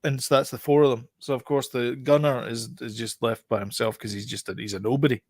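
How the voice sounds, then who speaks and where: A man's voice: mid-range voice, fairly even intonation, brisk, a little mellow, dry recording, clean studio sound. A man co-hosting a casual film review chat, rambling with many fillers and restarts.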